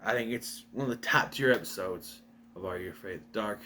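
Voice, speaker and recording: A man's voice: on the low side, a little fast, pushed and bright, a little hiss or hum. A young man giving a casual, rambling review, recapping a plot and correcting himself as he goes. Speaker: video reviewer.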